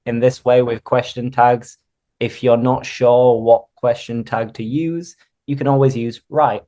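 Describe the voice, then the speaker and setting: A man's voice: medium pitch, fairly even intonation, unhurried, mellow. Man hosting a casual English chat. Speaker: host, English teacher.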